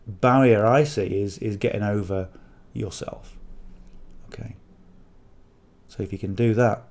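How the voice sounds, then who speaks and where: A man's voice: lowish voice, measured pace, darkish tone. A middle-aged man with a northern English accent giving rambling coaching to camera, checking in with "okay?" and "you know" as he goes. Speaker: affiliate marketing coach. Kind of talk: casual talk to camera.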